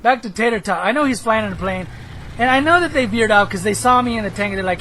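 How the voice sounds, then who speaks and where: Hoarse high-voiced gaming commentator. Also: male voice, fast, slight background noise, low-quality recording. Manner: rambling, excitable, bursts into shouts. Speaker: gameplay video host. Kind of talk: gameplay commentary.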